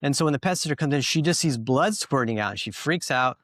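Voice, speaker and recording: Male podcast host, casual and rambling, animated when telling stories, dry sound. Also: mid-range voice, fast, no echo. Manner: rambling, filler-heavy, animated storytelling.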